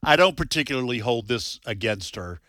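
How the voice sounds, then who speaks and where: A middle-aged man with a bright, forceful voice banters on a talk radio show. He spins a story in a chatty way and laughs easily. The sound is dry and close. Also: medium pitch, expressive, fairly quick, no room sound.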